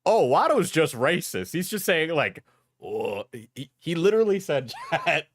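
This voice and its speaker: A man's voice: on the high side, big pitch swings, a little slow, a little hiss or hum. A man streaming a casual reaction video, joking, laughing and swearing as he comments.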